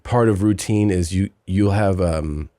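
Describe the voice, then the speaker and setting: A podcast host, a man, spins a rambling anecdote in loose, casual chat. His voice sits low and mellow, and the sound is dry and close. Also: unhurried, dry recording. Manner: animated storyteller, mocking voices.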